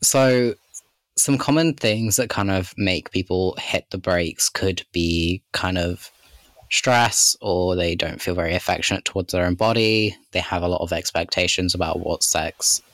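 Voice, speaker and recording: Deep-voiced rambling podcast co-host man. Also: a little slow, fairly bright tone, no room sound. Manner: rambling, heavy use of "like" and "kind of". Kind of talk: casual chat.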